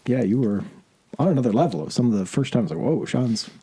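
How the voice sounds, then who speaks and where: A man's voice: mid-range voice, very animated, fast, warm tone, breathy edge. A man co-hosting a podcast in casual, rambling chat, from Canada. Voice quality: talks in loose, rambling runs with laughs. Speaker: podcast co-host.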